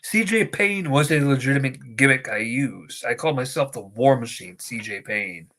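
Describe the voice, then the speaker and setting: Bright-voiced joking male podcast host. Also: medium pitch, expressive, moderate pace. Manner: jokey, rambling storyteller. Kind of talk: casual chat.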